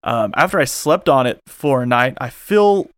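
A man's voice: medium pitch, expressive, moderate pace, a bit bright, clear, resonant tone, no room sound, clean studio sound. A man hosting a casual sports podcast, talking loosely with lots of fillers and restarts. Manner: rambling, many fillers. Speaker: podcast host.

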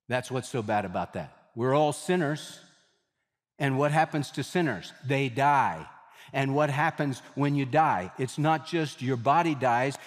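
A man preaching a sermon as pastor, speaking emphatically, repeating key phrases and slowing down to stress words. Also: medium pitch. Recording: reverberant hall.

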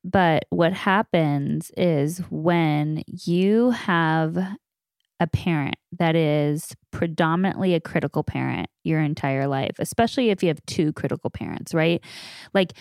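A woman in her thirties hosting a podcast, explaining ideas in a clear, teaching manner during a conversation. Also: low voice, darkish tone, dry recording, studio quality. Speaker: podcast host. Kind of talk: conversational interview.

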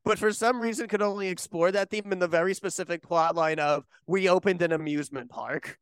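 A podcast panelist making dry, deadpan quips in casual chat. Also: mid-range voice, fairly quick, clean tone, no echo.

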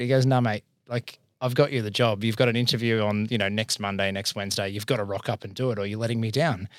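Animated Australian man telling a story. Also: fairly low pitch, fast, few pauses, no echo, studio quality. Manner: animated, acts out quoted voices. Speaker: accountant and business owner. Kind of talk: casual storytelling.

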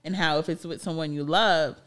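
A woman co-hosting a casual chat, recapping a reality dating show in an animated way, laughing often and acting out what people said. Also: deep voice, brisk. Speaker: podcast co-host.

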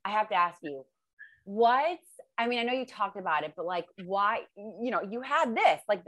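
A woman's voice: medium pitch, animated, normal speed, a bit bright. A woman podcast host asking casual, rambling questions that keep interrupting themselves.

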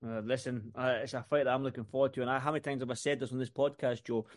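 A man's voice: medium pitch, flat delivery, racing. A man co-hosting a podcast, chatting about boxing with enthusiasm and lots of repeated words. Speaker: podcast co-host. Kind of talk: casual boxing chat.

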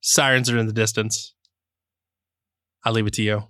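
A man's voice: fairly low pitch, little pitch movement, moderate pace, a bit bright, clear, resonant tone. A man narrating a tabletop game as game master, laid-back with joking asides.

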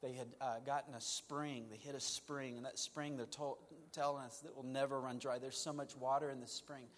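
A man as a guest, telling a personal story in an animated, self-mocking way. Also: medium pitch, normal speed, long reverb tail. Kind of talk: storytelling in a conversation.

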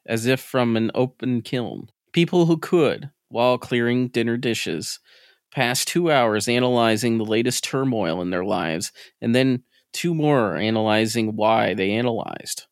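A man narrating a scripted story in a measured, steady reading voice. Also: mid-range voice, dry recording, studio quality. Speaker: podcast narrator.

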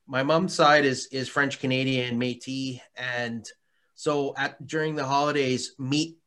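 A man's voice: mid-range voice, fairly even intonation, measured pace, bright, forceful tone. A man being interviewed as a guest, talking casually and rambling, with lots of restarts and easy laughter. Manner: rambling, many fillers and restarts, laughs often. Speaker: interview guest, hot sauce maker.

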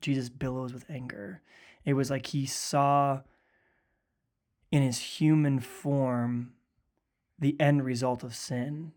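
A man who is a pastor and is grieving, talking earnestly in a conversational podcast, sometimes dropping to a hushed voice to quote others. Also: mid-range voice, steady tone, slow pace, long pauses.

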